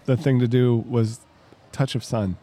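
Teasing middle-aged podcast host. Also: male voice, mid-range voice, fairly even intonation, unhurried, warm tone. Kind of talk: casual chat.

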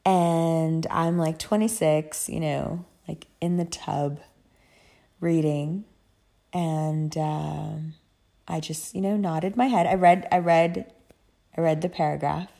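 Low, gravelly woman chatting about books. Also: slow. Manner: profane, chatty, animated storytelling. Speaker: book vlogger. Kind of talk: casual chat.

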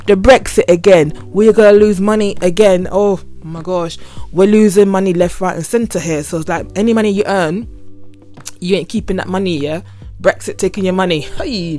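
A young woman with a London accent, hosting her podcast as a casual solo rant full of slang. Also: medium pitch. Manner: chatty, slangy, animated. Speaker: podcast host.

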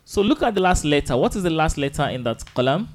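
A man teaching an Arabic lesson, drilling simple phrases slowly and patiently and asking students to repeat after him. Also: a little high, very animated, crowd noise. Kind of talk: online language lesson.

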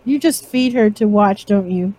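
A woman co-hosting a casual podcast, retelling scenes in an animated way and quoting characters. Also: medium pitch, moderate pace, no room sound, low-quality recording. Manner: animated storytelling, quotes characters. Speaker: podcast co-host.

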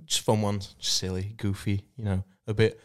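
A man's voice: lowish voice, little pitch movement, normal speed. A man co-hosting a podcast, teasing and joking in casual chat, swearing freely and laughing often. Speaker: podcast co-host.

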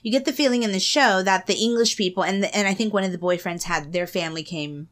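A woman co-hosting a podcast in relaxed casual chat, laughing often and steering the topic. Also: mid-range voice, quick pace. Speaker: podcast co-host.

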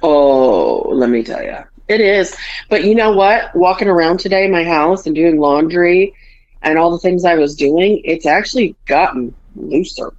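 A woman's voice: on the low side, normal speed. Bawdy storytelling woman, dull lo-fi sound. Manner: animated, bawdy storyteller acting out dialogue. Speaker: podcast host. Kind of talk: casual podcast chat. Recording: dull lo-fi podcast audio.

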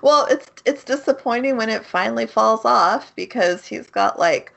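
A woman's voice: on the high side, expressive, moderate pace, vocal fry, a bit bright. A woman co-hosting a podcast in casual chat, recapping plots and laughing often. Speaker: podcast co-host.

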